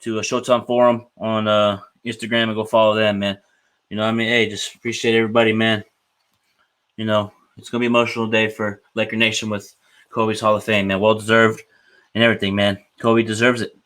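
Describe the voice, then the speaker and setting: A man's voice: fairly low pitch, flat delivery, brisk, a bit bright. A man hosting a casual sports podcast who talks in an emotional, repetitive way and keeps ending phrases with "man". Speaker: podcast host.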